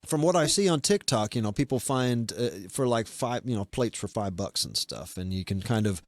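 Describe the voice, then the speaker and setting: A man's voice: lowish voice, expressive, moderate pace, dry recording, studio quality. A man chatting casually as a podcast host, rambling loosely with many fillers and restarts. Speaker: podcast host being interviewed. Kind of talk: casual chat.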